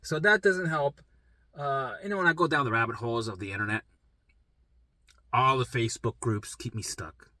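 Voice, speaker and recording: A man tells his own story in a loose, rambling way, with heavy swearing and lots of emphasis. His voice is bright and forceful, at a middle pitch. The recording is dry and close. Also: normal speed, pauses often, dry recording. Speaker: vlogger sharing a health journey. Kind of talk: casual personal storytelling.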